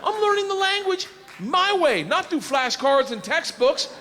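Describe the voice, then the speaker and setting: A man doing stand-up storytelling, loud and raucous, shouting his punchlines. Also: extremely high pitch, sing-song, measured pace, background noise. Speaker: comedian. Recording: reverberant stage recording.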